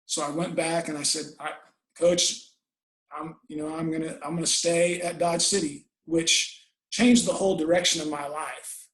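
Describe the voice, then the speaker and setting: A man's voice: a little high, fairly even intonation, normal speed, a bit bright, roomy sound, poor audio. A man, a football coach, telling a personal story in an earnest, folksy way during an interview.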